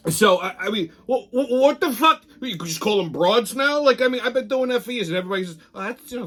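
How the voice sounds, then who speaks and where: A blustering man hosts a comedic rant show, swearing at every turn. His voice sits high for a man and leaps around in pitch. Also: fairly bright tone. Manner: profane, blustering, swaggering. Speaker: host.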